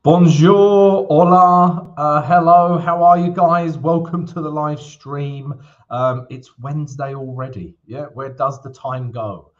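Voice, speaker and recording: A man with a medium-pitched, fairly even voice hosts a live trading stream, speaking at a measured pace over lo-fi audio. He's upbeat and chatty, walking through charts, greeting viewers and often checking in with "right?" in casual live-stream talk.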